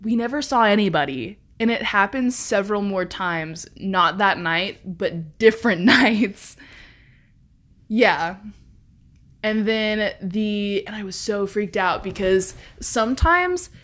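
A woman's voice: medium pitch, animated, takes it slowly, fairly bright tone. A woman in casual chat telling a ghost story, laughing often, swearing freely and acting out what people said.

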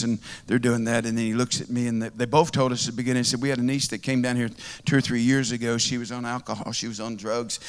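A man's voice: mid-range voice, clear, resonant tone. A man preaching a heartfelt, conversational sermon to a congregation in church. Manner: earnest, heartfelt, conversational with repeated phrases. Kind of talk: storytelling sermon.

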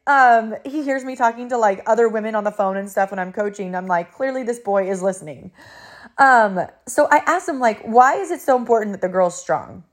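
A woman's voice: a little high, lively intonation, fairly quick. A woman in her thirties, a life coach, telling a family story in a motivational talk with energy and frequent laughter.

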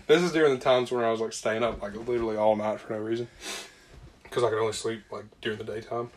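A man's voice: on the low side, quick pace. Profane laughing young man. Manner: profane, laughing, animated storyteller. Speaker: podcast co-host. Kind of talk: casual storytelling chat.

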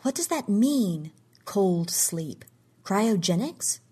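A woman's voice: mid-range voice, sing-song, slow, warm tone, breathy edge, heavily acted. A woman reading the lines of a frightened, desperate woman whose voice rises with anxiety. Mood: anxious, pleading. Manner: pleading, anxious, voice rising.

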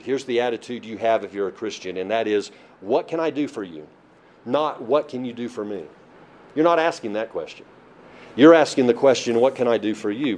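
A man's voice: mid-range voice, darkish tone. A man preaching a sermon, emphatic and repetitive, asking questions and answering them himself. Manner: emphatic, repeats key phrases, asks and answers his own questions.

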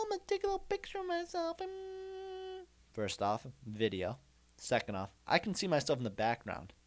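A young man telling a comic story in a rambling monologue, repeating himself and making mock-indignant asides. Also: medium pitch. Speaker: comedian host.

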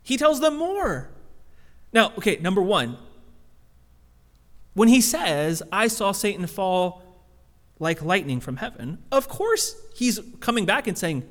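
A man with a high voice preaches a sermon, talking in a loose, conversational way with lots of casual fillers. His voice rings with a long reverb, as in a large hall. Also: big pitch swings, slow pace, pauses often, a bit bright. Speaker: pastor.

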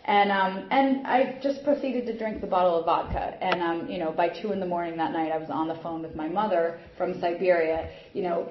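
Young woman sharing her story at a meeting, lots of you-knows, lowish voice, muffled roomy recording. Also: steady tone, brisk, few pauses, crowd noise. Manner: rambling, many fillers and restarts. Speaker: speaker at a recovery meeting. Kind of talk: personal recovery talk. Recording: muffled echoey room recording.

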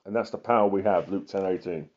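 A man's voice: low-pitched, quick pace, a little mellow. A man, an evangelist giving an impassioned sermon full of emphatic repetition. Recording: muffled lo-fi recording.

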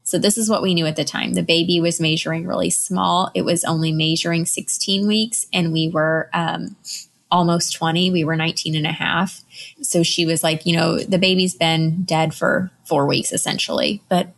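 A woman's voice: on the low side, level tone, normal speed, creaky. A woman in her thirties, a podcast host, telling a personal story in a conversational, emotional way with frequent fillers.

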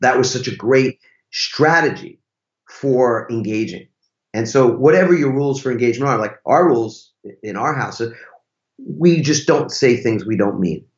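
A man's voice: mid-range voice, expressive, moderate pace. Emphatic man in a roomy room. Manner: emphatic, uses rhetorical questions. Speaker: podcast guest, relationship teacher. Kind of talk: casual conversational interview. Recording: roomy, slightly dull sound.

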